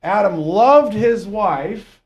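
A man's voice: sits high, animated, very slow, lo-fi sound. A man preaching a casual, conversational sermon to a congregation, often checking in with "okay?" and "right?". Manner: conversational, keeps asking "okay?".

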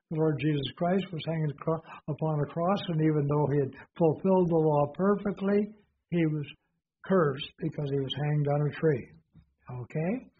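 A man preaching a verse-by-verse sermon. He reads scripture aloud and explains it with questions to the listeners. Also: on the high side. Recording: tinny phone-like recording with faint hiss.

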